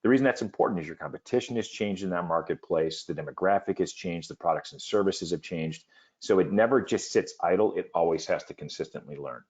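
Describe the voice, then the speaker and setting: A man's voice: low-pitched, fairly quick, a little mellow, highs cut off. A man hosting a business webinar, speaking in a confident, emphatic salesman manner over a video call. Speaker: webinar host.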